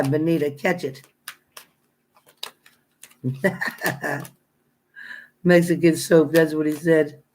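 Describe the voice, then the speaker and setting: A blunt, chatty tarot reader hosts a casual live stream, greeting viewers by name, laughing often and trading playful banter. The voice is medium-pitched, with a little hiss or hum in the audio.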